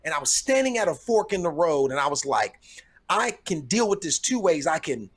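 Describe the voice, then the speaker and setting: A man's voice: fairly high pitch, big pitch swings, brisk, breathy edge. A middle-aged man comedian, a guest on a podcast, telling stories thoughtfully and repeating words as he gathers his thoughts. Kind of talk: casual chat, storytelling.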